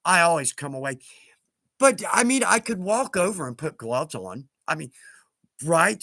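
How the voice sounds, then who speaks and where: Male livestream host, high bright voice, chatty and self-deprecating, quick to laugh, dry close sound. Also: very animated, vocal fry, dry recording. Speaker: livestream host reading viewer comments. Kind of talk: casual livestream chat.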